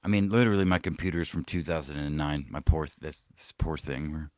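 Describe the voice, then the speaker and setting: A man's voice: very deep voice, fast, darkish tone, no echo. A man co-hosting a casual podcast, telling stories in a crude, profane way. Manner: crude, profane storytelling with laughs.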